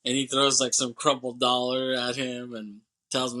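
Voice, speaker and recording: Podcast guy chatting loose about a movie, swears a lot, bright forward voice. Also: medium pitch, level tone. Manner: rambling, swears casually, acts out movie lines in quick voices. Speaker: podcast co-host. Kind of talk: casual movie chat.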